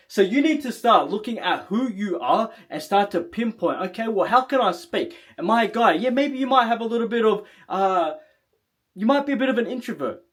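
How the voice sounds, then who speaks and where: A man giving a blunt motivational talk to camera as a self-improvement coach, emphatic and profane, often tagging lines with "right?". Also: high voice. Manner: emphatic, blunt, swears, keeps asking "right?".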